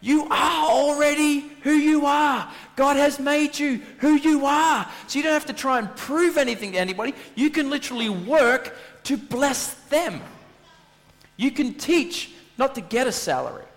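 A man preaching a sermon as a pastor, telling stories in an animated way and acting out his own lines. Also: very high-pitched, moderate pace, long reverb tail.

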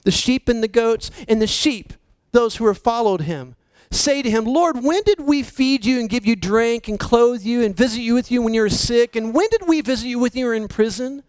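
A man preaching a sermon, slow and emphatic, dropping his voice low for key points. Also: darkish tone, clear, resonant tone, no echo, low-quality recording. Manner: slow, emphatic preaching with dramatic drops to near-whisper. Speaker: pastor.

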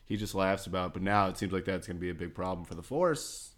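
Laid-back guy, dry wry humor, low-ish voice, casual chat. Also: fast talker, a bit bright. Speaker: podcast co-host.

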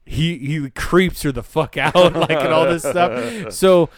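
A man co-hosting a casual podcast, retelling scenes with excited, profane storytelling. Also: a little high, takes it slowly, no room sound, studio quality. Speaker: podcast co-host. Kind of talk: casual chat.

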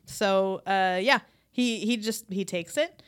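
A woman co-hosting a podcast, chatting casually about a TV episode, relaxed and swearing freely. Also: medium pitch, slow pace, clean tone. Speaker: podcast co-host. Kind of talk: casual chat recapping a TV episode.

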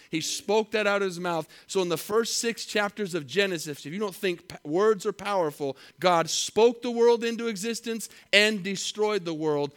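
A man preaching a sermon, reading scripture slowly and with emphasis, then telling a story in a conversational way. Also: sits high, fairly bright tone. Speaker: pastor.

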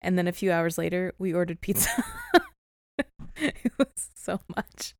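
A woman's voice: on the low side, unhurried, gravelly, darkish tone, no room sound, studio quality. A woman from the Chicago area co-hosting a podcast in casual chat, wry and laughing often. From Chicago area, USA. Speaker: podcast co-host.

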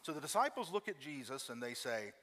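A man's voice: mid-range voice, sing-song, brisk, sharp tone, big-room sound. A man preaching a sermon as a pastor, telling the story with emphatic repetition and acting out the quoted voices.

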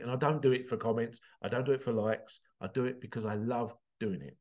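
A passionate man talks straight to his viewers about jealousy and pushing forward, swearing freely and choking up with emotion. His voice sits at an ordinary middle pitch, and the recording sounds a little muffled. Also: fairly quick, few pauses, darkish tone. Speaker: motivational vlogger. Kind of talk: emotional motivational monologue.

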